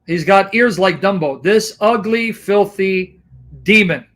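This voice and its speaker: A man's voice: high voice, slow, a bit bright. A man hosting a live stream, reading translated interview lines aloud and reacting with indignant, outraged commentary. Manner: reads translated lines aloud between angry remarks. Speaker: host. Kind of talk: reading subtitles and commenting on a clip.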